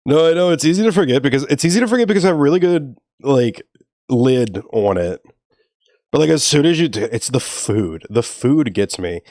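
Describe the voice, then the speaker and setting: A man's voice: medium pitch, expressive, fairly quick, darkish tone, no echo, studio quality. A man from New Orleans chatting casually on a stream, rambling and laughing often as he tells stories. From New Orleans, Louisiana. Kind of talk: casual chat.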